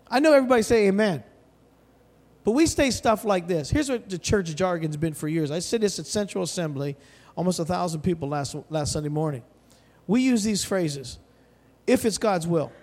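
A man preaching a sermon in a large church, animated and storytelling, often asking the crowd questions. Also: sits high. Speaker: guest preacher. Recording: long hall reverb.

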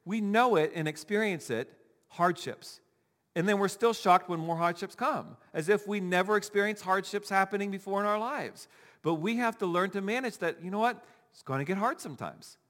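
A male pastor preaching a sermon, animated, acting out the people he quotes. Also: high voice, normal speed. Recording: long hall reverb.

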